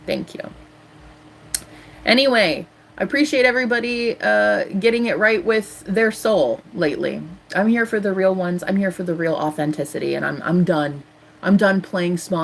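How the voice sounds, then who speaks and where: A woman's voice: medium pitch, moderate pace, slight background noise. A woman in her thirties ranting defiantly on a live stream as a tarot reader. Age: 30s.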